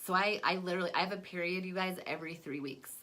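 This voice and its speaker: A woman's voice: on the low side, steady tone, fast talker, bright, forceful tone. A young adult woman chatting casually in a makeup vlog at home, rambling with lots of fillers. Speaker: vlogger. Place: at home, away from her desk.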